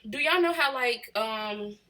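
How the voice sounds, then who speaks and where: A woman's voice: a little high, lively intonation, a little slow, pushed and bright. A woman in her late twenties with a Chicago accent, chatting casually with viewers on a livestream and answering their comments. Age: late 20s. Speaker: livestream host. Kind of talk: casual live chat with viewers.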